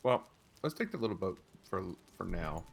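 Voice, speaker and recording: A man's voice: deep voice, sing-song, normal speed, creaky, breathy edge. A man playing along in a gaming stream, giving laid-back, brief replies. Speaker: co-player. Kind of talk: casual gaming chat.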